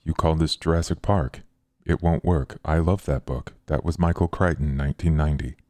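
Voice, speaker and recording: A strikingly deep, dark-toned made creature, voiced by a man, lectures in a flat, literal-minded way. Every word is taken at face value and delivered without irony. The sound is close and dry. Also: normal speed, no room sound. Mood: pedantic. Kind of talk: in-character tabletop role-play.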